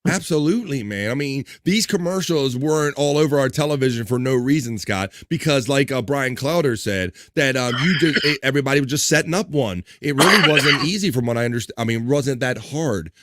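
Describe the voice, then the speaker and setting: A man hosts a relaxed livestream, trading jokes and laughing easily as he reads out chat messages. His voice sits in an ordinary middle register and sounds close and dry, with almost no room around it. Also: medium pitch, fairly quick, hardly any pauses, dry recording. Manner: jokey, laughs often, reads chat comments aloud. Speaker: livestream host. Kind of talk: casual chat.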